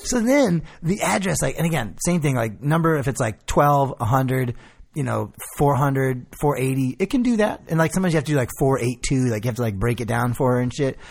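A man in casual chat, telling profane, animated stories and doing quick voices. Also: medium pitch, creaky.

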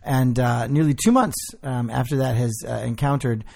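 A man co-hosting a podcast, talking in loose casual chat. His mid-pitched voice has a gravelly edge, and he gets animated and fast as he jokes and laughs. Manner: animated, quick, laughs often. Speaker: podcast co-host.

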